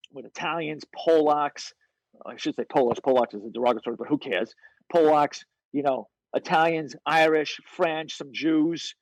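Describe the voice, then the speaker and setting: Husky-voiced man, blunt and profane. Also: a little high, no echo, low-quality recording. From North Shore of Boston, USA. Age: 50s. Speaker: podcast guest, fitness coach. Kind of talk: casual storytelling chat. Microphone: video call.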